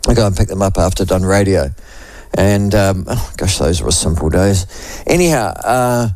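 Hoarse older New Zealand man on radio. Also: sits low, normal speed, a little mellow, no echo. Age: 60s. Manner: rambling and chatty, with many restarts. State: hoarse from a cold. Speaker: radio host. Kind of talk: talk radio monologue. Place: radio studio.

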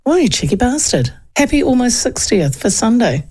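A woman's voice: fairly high pitch, big pitch swings, moderate pace, a little mellow, husky. A woman in her fifties with a New Zealand accent hosting a talk radio show, talking through poll numbers in a casual, digressive way with lots of fillers. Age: 50s. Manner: chatty, digressive, with frequent fillers and laughs. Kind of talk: casual political commentary.

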